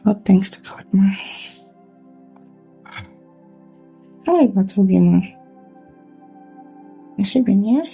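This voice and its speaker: Woman playing a polite visitor, gravelly, very dark voice, soft film music behind. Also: medium pitch, animated, normal speed. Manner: polite, addresses elders as ma. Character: concerned young woman visiting a friend's family.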